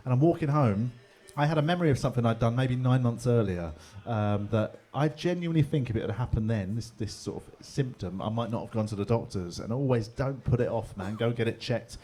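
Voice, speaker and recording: Speaking briskly in a mellow, mid-range voice, a middle-aged London comic works a live pub comedy room with a laddish, chatty set. He swears without restraint and chuckles along with his own story.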